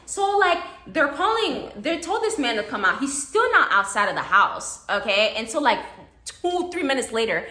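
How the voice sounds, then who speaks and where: Young woman, storytime vlogger, bright lively delivery, roomy echo; casual and expressive. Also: a little high. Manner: animated, chatty, laughs often, acts out quotes. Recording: echoey room.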